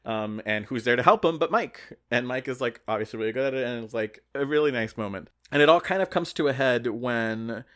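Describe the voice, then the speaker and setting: A man's voice: medium pitch, brisk, few pauses, fairly bright tone. Rambling man retelling a story. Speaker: podcast co-host. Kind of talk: casual chat.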